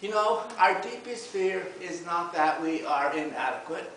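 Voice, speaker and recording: A man's voice: fairly high pitch, animated, unhurried, fairly bright tone. A male minister giving a sermon in a church, opening with a humorous story and then preaching earnestly. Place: church hall. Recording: echoey hall, mic from far off, faint hiss.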